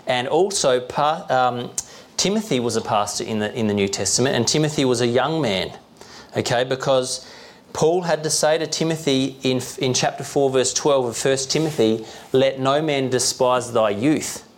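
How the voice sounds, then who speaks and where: A man's voice: medium pitch, expressive, moderate pace. A young man preaching a sermon as pastor, explaining plainly in a conversational way, often checking in with the congregation and chuckling now and then. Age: young adult.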